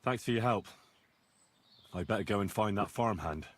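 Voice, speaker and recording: A calm young man looking into a village killing, voiced by a man in a video game. His voice is low and husky, his questions plain and low-key, recorded dry and close. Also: moderate pace, no echo, lightly acted.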